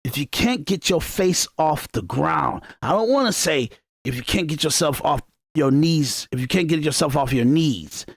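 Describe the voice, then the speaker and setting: Man, podcast host, gravelly, fairly high, dry close sound, emphatic, repetitive, preachy commentary. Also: animated, moderate pace, no echo. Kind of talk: unscripted political commentary monologue.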